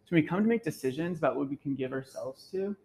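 Rather high and expressive, with a dark tone, his voice moves fast in a rough recording. He's a campus minister giving students a casual, earnest faith talk live in a campus center gathering room, telling personal stories with plenty of "like" and "um."

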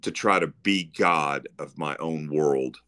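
A man's voice: rumbling low, bright, forceful tone. Reflective man co-host. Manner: reflective, thoughtful, halting. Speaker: podcast co-host. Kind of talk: casual faith podcast chat.

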